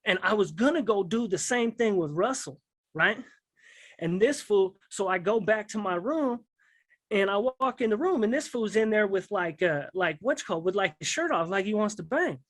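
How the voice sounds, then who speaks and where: A man's voice: high voice, animated, normal speed, fairly bright tone, no echo. A man telling a rambling story in casual street slang, often checking in with his listener. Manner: rambling street slang, keeps asking "you know what I mean". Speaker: guest recounting prison life.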